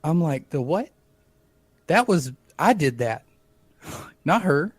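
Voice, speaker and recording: A man co-hosting a podcast, telling a comic story in a wry, animated way and acting out the dialogue. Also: a little high, slow, slightly rough, dry recording. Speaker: podcast co-host.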